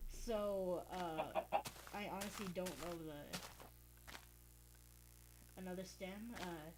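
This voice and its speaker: A man's voice: sits high, takes it slowly, pauses often, over music, rough recording. A teenage boy rambling through a casual story, full of fillers and restarts, as host of a game video. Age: teens. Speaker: let's play host. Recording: loud background noise with clicks.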